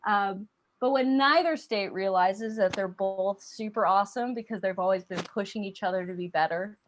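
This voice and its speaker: A woman's voice: medium pitch, moderate pace, background noise. A woman comedian telling a story in a stand-up set while a little sick. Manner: storytelling, chatty. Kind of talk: stand-up set over a video call.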